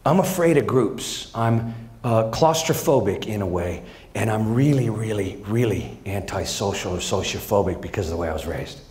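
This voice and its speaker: Middle-aged man, stand-up comedian, lively swooping pitch, echoey live theater, audience noise behind. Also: moderate pace. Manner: animated storytelling, acting out family voices. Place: large theater stage.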